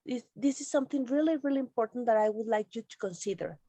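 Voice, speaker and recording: Female host of an online teachers' meeting, higher pitch, dry close sound, explanatory. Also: fast, mellow, dry recording. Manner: explanatory, reassuring. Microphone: video call.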